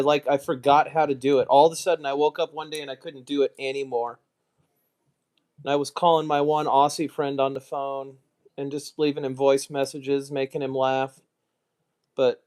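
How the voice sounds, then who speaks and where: An American man chatting casually on a live stream, muttering asides and mocking himself as he goes. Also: on the high side. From United States. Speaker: streamer, card collector.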